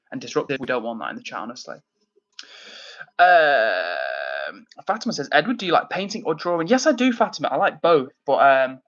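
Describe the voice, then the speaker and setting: In a muffled recording, a man from near Manchester, England, streams casually from indoors at home. His voice is a bit high as he reads chat messages and answers them warmly, full of fillers and shout-outs.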